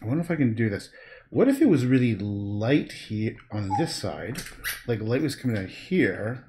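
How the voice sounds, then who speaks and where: A man's voice: very animated, moderate pace, dark tone. Guy painting on a livestream, just rambling along casually, faint hiss behind him. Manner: rambling, talks to his dog in a high coaxing voice. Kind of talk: casual chat while painting.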